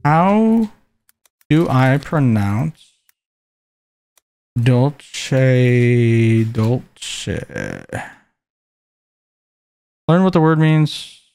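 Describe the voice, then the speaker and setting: A man streaming a video game, chatting in a playful, joking way and jumping into excited exclamations. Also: very slow, gravelly, pauses often, clean tone. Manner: playful, jokey, bursts into excited high exclamations. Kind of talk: casual gameplay commentary.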